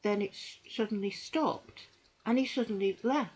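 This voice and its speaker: A middle-aged woman gives earnest personal testimony to camera, halting and repeating herself. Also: medium pitch, slight background noise, low-quality recording. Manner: halting and repetitive, with restarts; earnest and emotional, with bitter dark humour. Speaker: survivor giving testimony.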